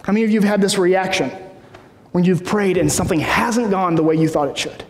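A man's voice: sits high, a little fast. A man in his thirties preaching a sermon in a conversational way, often checking in with the room. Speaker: pastor. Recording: echoey hall.

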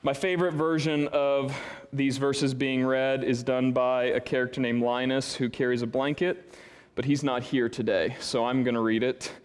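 A man preaching a sermon to his congregation, animated and conversational, recorded in a church hall. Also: medium pitch, moderate pace. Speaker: pastor. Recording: long hall reverb.

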